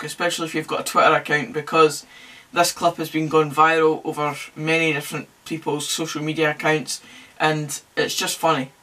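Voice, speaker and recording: A man's voice: on the high side, sharp tone, recorded from a distance. A young man hosting a casual football podcast, chatty and jokey with wry asides. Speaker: podcast host. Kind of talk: casual solo football commentary.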